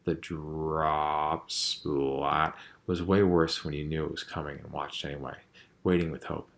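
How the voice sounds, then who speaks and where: A man reading a novel aloud in a measured, quiet storytelling manner. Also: extremely low pitch, fairly even intonation, vocal fry, slight background noise. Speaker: audiobook reader.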